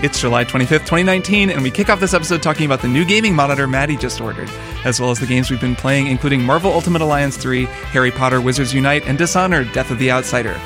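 A man's voice: medium pitch, fast, over music. A man hosting a casual video game podcast, chatty and rambling with fillers. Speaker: podcast host.

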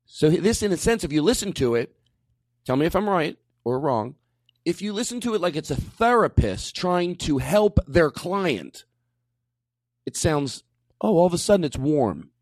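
Man, podcast host, lively pitch, dry close sound, joking and rambling. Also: moderate pace, dry recording. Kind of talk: casual podcast banter.

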